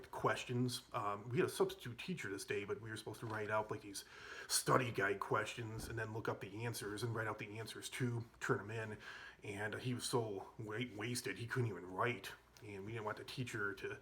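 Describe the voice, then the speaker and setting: A man's voice: lowish voice, fairly bright tone. A man telling school memories in a rambling, casual way, full of fillers and restarts, with chuckles along the way. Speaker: vlogger telling school stories. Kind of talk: casual storytelling.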